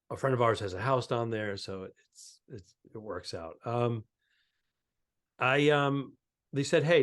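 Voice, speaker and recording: Man rambling through a travel anecdote. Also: mid-range voice. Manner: rambling anecdotes with restarts and quoted dialogue. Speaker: podcast co-host. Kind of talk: casual comedic chat.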